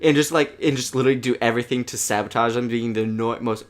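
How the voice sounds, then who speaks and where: A young man co-hosting a casual gaming podcast, with a voice of middling pitch. He tells stories in a rambling way, restarts often and acts out the people he quotes. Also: fairly even intonation, quick pace. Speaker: podcast co-host.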